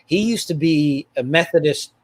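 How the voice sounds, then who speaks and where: A man's voice: on the high side, moderate pace, no room sound. A middle-aged man co-hosting a podcast, retelling college stories with lots of laughter. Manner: laughs often, animated retelling. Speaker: podcast co-host. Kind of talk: casual storytelling chat.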